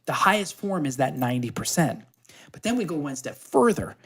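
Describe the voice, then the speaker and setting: With a fairly high, sing-song voice that's slightly rough, this Canadian supplement company owner talks briskly as a podcast guest. He pitches his business casually and eagerly, explaining with lots of fillers and false starts.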